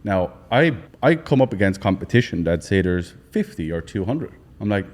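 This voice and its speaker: An Irish man with a low voice talks bluntly in a podcast studio. He swears freely and repeats short lists to drive each point home. His voice rings out into a long room reverb. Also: sing-song, normal speed, hardly any pauses. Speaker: sales coach and podcast guest. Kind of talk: casual podcast chat.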